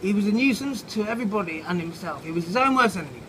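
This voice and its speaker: A man's voice: high-pitched, animated, very fast, poor audio. Sweary man telling a story. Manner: sweary, laughing, loose. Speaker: author reading his story. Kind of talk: tipsy improvised storytelling. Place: outside a pub. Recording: loud outdoor background noise.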